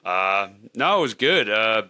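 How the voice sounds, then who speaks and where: A man co-hosting a podcast in casual chat, rambling and laughing often as he talks excitedly. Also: fairly low pitch, a little slow, clear, resonant tone. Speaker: podcast co-host.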